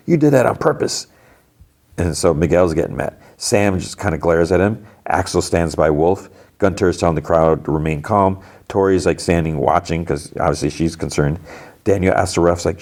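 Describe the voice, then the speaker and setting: Deep-voiced man giving a casual recap. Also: a little mellow. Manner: loose, filler-heavy retelling with quick self-corrections. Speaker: podcast host. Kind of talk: casual play-by-play episode recap.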